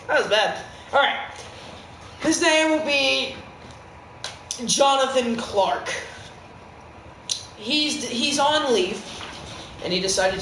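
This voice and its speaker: A game streamer giving rambling, playful live-stream commentary with sudden squeaky outbursts. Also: animated, slow pace, pauses often. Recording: echoey room with background noise.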